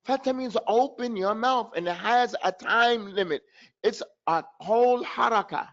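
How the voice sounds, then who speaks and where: A man with a high, somewhat bright voice teaches recitation online, live and unhurried. Through dull lo-fi audio, he drills pronunciation with repeated sounds and uses Arabic terms while explaining.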